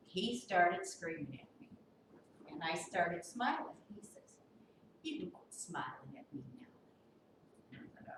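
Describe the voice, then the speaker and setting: Indignant woman telling a story in an echoey room. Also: medium pitch. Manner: indignant, acts out both sides of the argument. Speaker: board member. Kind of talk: animated storytelling at a meeting. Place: meeting room. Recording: echoey room from far off, with noise.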